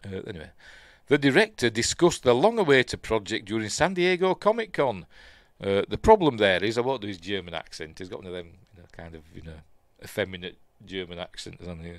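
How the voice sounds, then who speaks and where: A man's voice: on the low side, very animated, brisk, hardly any pauses, dry recording, clean studio sound. A man with a Yorkshire accent hosting a live news stream, reading headlines aloud and then chatting about them casually with plenty of fillers. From Yorkshire, England.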